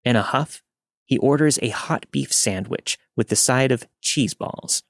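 A man narrating a first-person story in a steady, matter-of-fact way. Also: mid-range voice, measured pace, no echo, studio quality.

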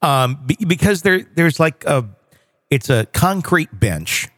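A man's voice: a little high, expressive, takes it slowly, fairly bright tone, no room sound, clean studio sound. A man co-hosting a podcast, chatting casually and rambling through jokes. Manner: rambling, joking. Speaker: podcast co-host. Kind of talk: casual chat.

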